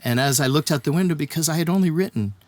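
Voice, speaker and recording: A man's voice: fairly high pitch, racing, a little mellow. A man from Texas, a songwriter telling a long story in an interview, acting out the voices of the people he quotes and laughing often. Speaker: songwriter guest. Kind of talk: animated storytelling in conversation.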